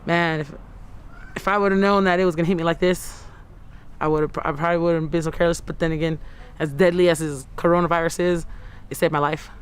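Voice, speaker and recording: Halting woman in her thirties, smooth voice. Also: lowish voice, steady tone. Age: 30s. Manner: halting and repetitive, often acting out her own quoted words. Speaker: interviewee. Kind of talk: personal account in a news interview.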